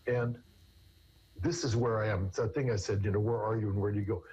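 Husky man explaining earnestly. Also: on the low side, steady tone, quick pace, dark tone, poor audio. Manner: earnest, explains with everyday examples. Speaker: therapist guest. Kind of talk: conversational interview answers.

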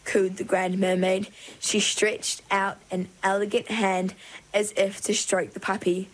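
A woman narrating a storybook in an expressive, measured way. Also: medium pitch, low-quality recording.

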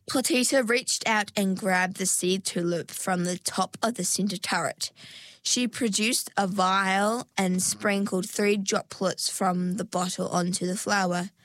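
A woman reading a children's story aloud in a measured storytelling manner. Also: medium pitch, steady tone, fairly bright tone, no echo. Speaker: narrator.

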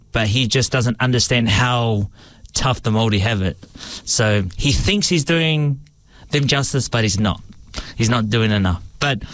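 A man's voice: mid-range voice, a bit bright, no echo. A young man, a stage actor answering interview questions in a hesitant way, with many fillers and restarts.

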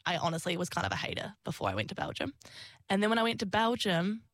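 A woman's voice: medium pitch, big pitch swings, fast talker, fairly bright tone, no echo. A young woman, chatting in an interview, laughing often and acting out her own past lines. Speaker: singer and actor, interview guest. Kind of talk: casual interview storytelling.

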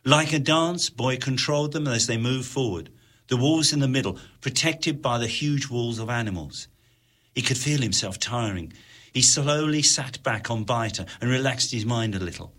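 A man narrating an adventure story in an expressive, dramatic way. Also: mid-range voice, normal speed. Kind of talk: audiobook narration.

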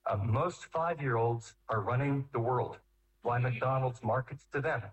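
Man with a lively, acted-out delivery. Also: far from the mic, rough recording. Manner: acts out parents and kids, swings between loud scolding and slow deep calm. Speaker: speaker on parenting. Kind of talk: animated talk with acted-out voices.

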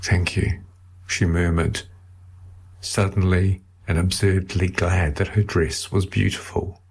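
A man narrating a novel as an audiobook in a measured, steady storytelling way. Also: low-pitched, gravelly, slightly rough.

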